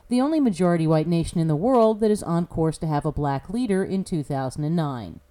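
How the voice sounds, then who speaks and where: A woman's voice: on the low side, mellow. An American woman host delivering a sarcastic, mocking scripted opinion commentary. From United States. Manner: sarcastic, mocking, laughs at her own jokes. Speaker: podcast commentator.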